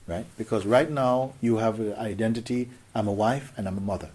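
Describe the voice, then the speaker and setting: A man giving a contemplative spiritual talk as a teacher, gentle and questioning, often sinking into a whisper. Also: fairly low pitch, brisk, slight background noise.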